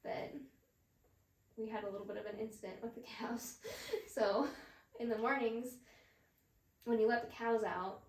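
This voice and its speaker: A woman's voice: on the high side, a little slow, long pauses, a little hiss or hum. A young woman telling a casual story as a podcast guest, laughing often and filling her speech with "like". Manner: chatty, laughs often, many "like" fillers. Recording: roomy echo.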